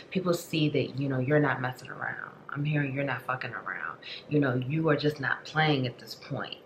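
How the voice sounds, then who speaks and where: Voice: mid-range voice, a bit bright, a little hiss or hum. Casual tarot reader rambling to the camera, lots of likes and okays, echoey room. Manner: chatty, many filler words, addresses viewer directly. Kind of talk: casual spiritual reading.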